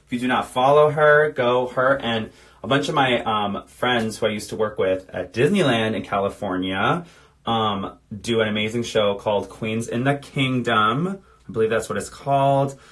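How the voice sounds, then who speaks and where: A man's voice: mid-range voice, normal speed, fairly bright tone. A man in his thirties chatting casually on a phone livestream, reading out viewer comments while doing his makeup. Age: 30s. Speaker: drag performer.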